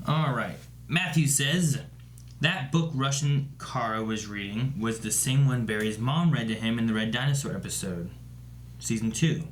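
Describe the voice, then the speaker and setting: A man's voice: mid-range voice, normal speed. Easygoing young man co-hosting. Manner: relaxed, easygoing, joking. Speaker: co-host reading viewer questions. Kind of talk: casual chat.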